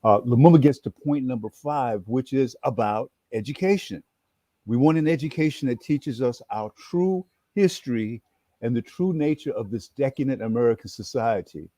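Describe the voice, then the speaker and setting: A man in his sixties from New York, an animated storyteller who acts out his story as an interview guest. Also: mid-range voice, moderate pace, dry recording. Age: 60s. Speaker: guest, former activist and educator.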